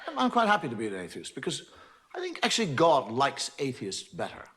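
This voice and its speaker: A male stand-up comedian telling jokes in a calm, unhurried storytelling manner, in a noisy archival TV recording. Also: medium pitch. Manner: calm, unhurried joke delivery.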